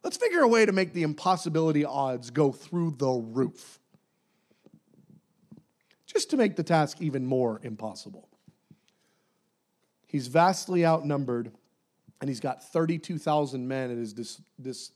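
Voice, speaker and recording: A man preaching a sermon, animated, acting out voices and dropping to near-whispers for emphasis. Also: medium pitch. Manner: dynamic, swinging from loud to soft near-whispers.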